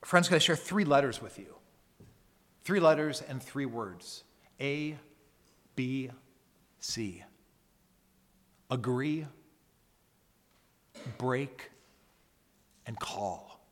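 Male pastor, emphatic sermon delivery, slow measured pace, long church reverb. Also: mid-range voice, animated. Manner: earnest, emphatic preaching with repeated phrases.

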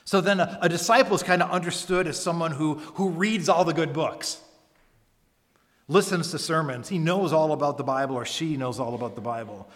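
A man's voice: fairly high pitch, normal speed. Earnest man preaching in a reverberant hall. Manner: earnest, emphatic preaching with rhetorical questions. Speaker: pastor. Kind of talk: sermon. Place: church service.

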